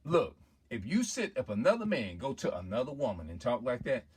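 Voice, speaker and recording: A man's voice: medium pitch, wildly swooping pitch, brisk, slightly rough. A man in a casual, rambling monologue as a vlogger, restarting sentences and often asking "you know what I'm saying?".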